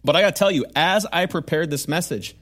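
A man's voice: a little high, fairly quick, fairly bright tone, soft background music. A male pastor delivering a sermon to his church in an earnest, conversational way, with frequent asides to the congregation.

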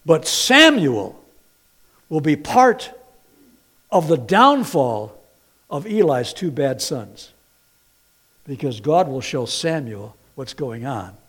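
A middle-aged man delivers a sermon with a somewhat high voice. He keeps it lively, dipping quiet and then rising loud. His storytelling is folksy and full of playful asides. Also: takes it slowly, pauses often, slightly rough. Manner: animated, swings from quiet to loud. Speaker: pastor.

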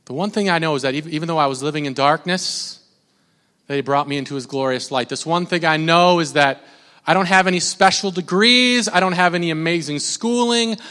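High, bright-voiced male preacher. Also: a little fast, clear, resonant tone, long reverb tail. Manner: conversational, full of fillers and restarts, calls on the congregation. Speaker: pastor. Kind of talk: sermon.

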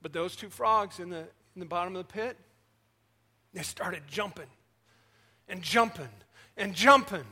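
A man, the senior pastor, preaching a sermon with animated storytelling that swings between loud and soft. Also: high-pitched, a little slow, pauses often, husky.

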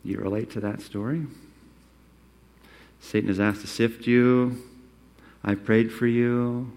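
A man preaching a sermon, acting out quoted lines and swinging between loud, emphatic phrases and hushed ones. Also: mid-range voice. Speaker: pastor.

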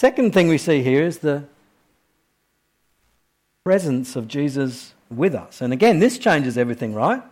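A male preacher with a notably high-pitched voice delivers a sermon to his church. He shifts between hushed, slow reflection and rising, emphatic questions. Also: big pitch swings. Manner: swings from quiet, low reflection to loud, high-pitched questioning.

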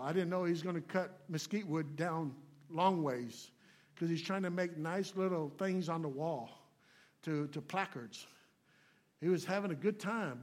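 High-voiced folksy man preaching. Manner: folksy, swings between loud emphatic and hushed. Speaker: guest preacher. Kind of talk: sermon.

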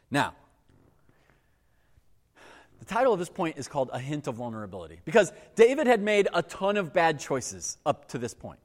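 Animated pastor with a lively, echoing voice. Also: male voice, a little high, moderate pace. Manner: casual, conversational storytelling with lively quoted voices. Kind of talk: sermon. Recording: echoey hall with long reverb.

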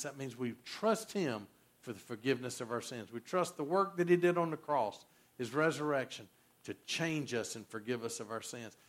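A pastor in his sixties delivers an animated sermon in a fairly high voice. He tells stories and fires questions at the congregation. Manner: animated storyteller, quizzes the congregation.

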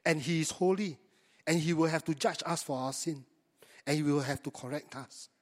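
Pastor preaching in a reverberant hall. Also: male voice, a little high, moderate pace. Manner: conversational, asks the congregation rhetorical questions. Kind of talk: sermon.

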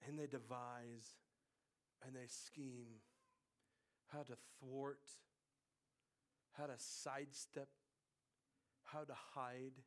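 A man in his thirties preaching a sermon, moving between hushed, quiet passages and loud, emphatic bursts. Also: mid-range voice, flat delivery, drawn-out words, pauses often. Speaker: pastor.

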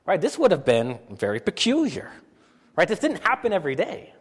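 Male pastor, sermon delivery, higher register, repeats lines for emphasis, reverberant sanctuary sound. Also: a little fast, husky. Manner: animated, rhetorical questions, repeats for emphasis.

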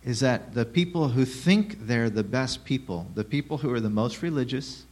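A man preaching a sermon who asks the listeners rhetorical questions, drops in sarcastic asides and swings between hushed and loud delivery. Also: mid-range voice, moderate pace. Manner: rhetorical questions, lively shifts in loudness.

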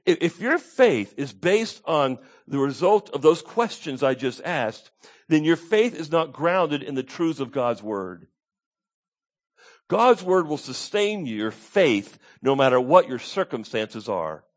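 A man's voice: on the high side, big pitch swings, slow pace. A man preaching a sermon as pastor, emphatic, repeating his key points and asking the congregation to call out answers.

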